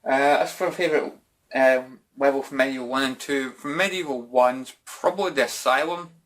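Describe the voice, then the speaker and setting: A Scottish YouTube gaming host chats casually through viewer questions in a vlog, tossing out "bloody" and "mate" constantly. His voice sits in the mid range, slightly bright, at a moderate pace.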